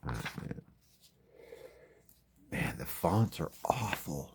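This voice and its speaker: Very deep gravelly man, rambling. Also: a little slow, warm tone. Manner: rambling, wry asides. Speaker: vlogger. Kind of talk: casual late-night commentary. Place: home at night, windows open.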